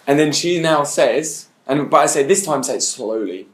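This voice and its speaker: A man's voice: a little high, expressive, normal speed, roomy sound. A man teaching a bootcamp session, telling a story and acting out both sides of a chat.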